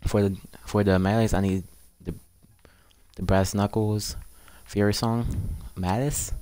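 Eager low-voiced man chatting about games. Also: fairly even intonation, measured pace, warm tone, clean tone, no room sound. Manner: chatty, keeps addressing viewers as "guys"; pleading and eager. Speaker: gaming channel host. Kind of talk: casual game commentary.

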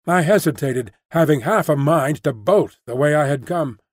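A man narrates a novel in a measured, descriptive reading. His voice sits a little high for a man. The sound is dry and close to the mic. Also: dry recording. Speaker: audiobook narrator. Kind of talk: scripted narration.

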